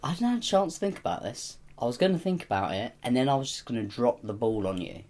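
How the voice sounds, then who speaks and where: A man's voice: medium pitch, very animated, quick pace, a little mellow, a little hiss or hum. A tired young man co-hosting a casual podcast chat, rambling and teasing with frequent laughs. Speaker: podcast co-host.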